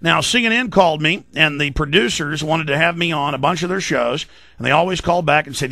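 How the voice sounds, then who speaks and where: A male radio talk show host, delivering an emphatic, defensive, rapid-fire monologue. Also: fairly high pitch, vocal fry, pushed and bright, no room sound. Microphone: studio mic.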